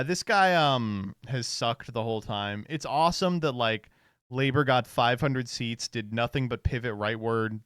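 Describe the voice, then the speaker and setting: Sarcastic streamer guy riffing on clips, middle-pitched voice, dry close mic. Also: fairly bright tone, clean tone, dry recording. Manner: sarcastic, rambling. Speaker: streamer host. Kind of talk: casual stream commentary.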